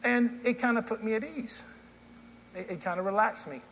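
A man's voice: high voice, normal speed, a bit bright, a little hiss or hum. A middle-aged man preaching a sermon as pastor, telling stories in a conversational way with frequent restarts. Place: church sanctuary. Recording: long reverb in a large hall.

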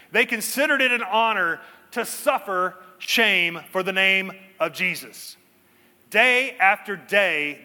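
A pastor preaching a sermon with earnest emphasis and dramatic pauses, slowing down to stress key points. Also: male voice, sits high, bright, forceful tone, big-room sound.

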